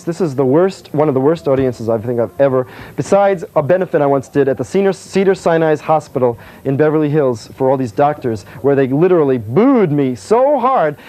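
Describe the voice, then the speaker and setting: A man, a comedian, answering interview questions in a soft-spoken, meandering way, with many fillers. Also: a little high.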